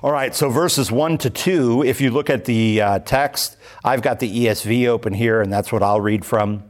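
A man leading a Bible study, reading a commentary aloud and explaining it in an unhurried way with many ums and uhs. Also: mid-range voice.

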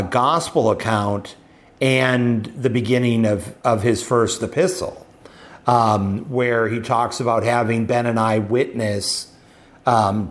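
A man teaches a scripture passage at an unhurried, deliberate pace. His voice sits at an ordinary middle pitch, and he often pauses with fillers and restarts as he thinks aloud. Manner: thoughtful, halting, many "um"s and restarts. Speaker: Bible study leader.

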